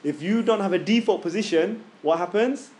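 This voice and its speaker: A man teaching a tajweed class in a casual, joking way, stretching out sounds slowly and loudly to demonstrate them. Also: sits high.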